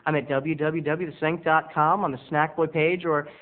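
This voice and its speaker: A man rambles through a self-mocking confessional monologue, his voice sitting a little high. The sound is thin and tinny, like a phone line. He talks to the camera from his bedroom studio. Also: flat delivery, normal speed. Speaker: video blogger.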